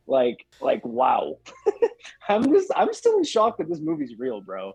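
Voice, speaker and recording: Husky young man, dull dry recording. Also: fairly high pitch, wildly swooping pitch, measured pace, no room sound. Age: young adult. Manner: rambling, hedging with many "like"s. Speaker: podcast guest. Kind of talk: casual chat.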